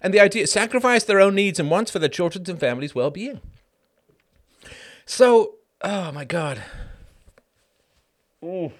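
Male show host, high and very animated voice, sarcastic, keeps cracking up laughing. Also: measured pace, long pauses. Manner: sarcastic, mocking delivery; keeps breaking into fits of laughter. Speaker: host of a call-in livestream show. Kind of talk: casual monologue.

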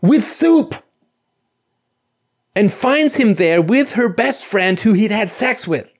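A man's voice: high voice, animated, takes it slowly. A man hosting a call-in show, telling a story casually, with stammering restarts and acted-out quotes.

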